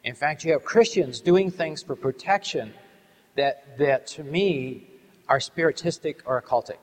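A middle-aged man speaking from the pulpit in a fairly high voice, earnest and measured. He slows down to stress key words. His voice carries a long reverb, as in a large hall. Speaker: Christian ministry speaker. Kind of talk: sermon with a storytelling testimony.

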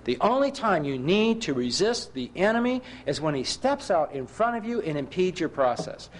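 A man's voice: high-pitched, very animated, normal speed. A middle-aged man preaching a sermon, telling personal stories with self-mocking humor and asking his listeners rhetorical questions.

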